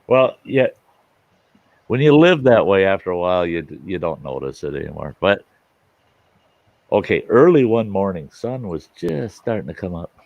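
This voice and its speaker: A man's voice: low voice, sing-song, moderate pace, gravelly, darkish tone, dry recording, highs cut off. A man hosting a show, telling a folksy campfire story in casual talk and chuckling through it. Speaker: storyteller host.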